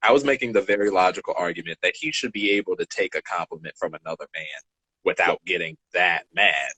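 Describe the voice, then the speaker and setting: A man in his twenties co-hosting a podcast, telling stories in a casual, animated way and acting out the dialogue. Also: sits low, a little fast, slightly rough, dry recording, low-quality recording. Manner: animated, acts out dialogue, laughs between lines. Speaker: podcast co-host. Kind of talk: casual storytelling chat.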